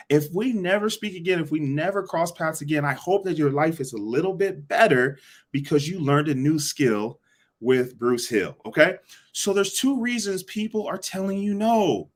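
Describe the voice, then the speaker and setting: A man teaching a live online sales session, energetic and repetitive, asking the audience to answer back. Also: on the high side, normal speed. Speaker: sales coach.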